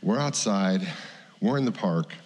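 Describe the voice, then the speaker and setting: A middle-aged man preaching in a church, telling a personal story in a conversational, animated way. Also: lowish voice, a little slow, dull audio. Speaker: pastor. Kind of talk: sermon storytelling. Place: church sanctuary. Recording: church hall reverb.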